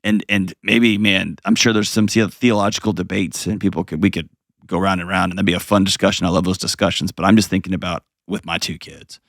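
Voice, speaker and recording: A man's voice: deep voice, steady tone, a little fast, fairly bright tone, no echo, studio quality. A middle-aged man hosting a call-in advice show, talking earnestly and repeating phrases for emphasis. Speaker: call-in show host and counselor.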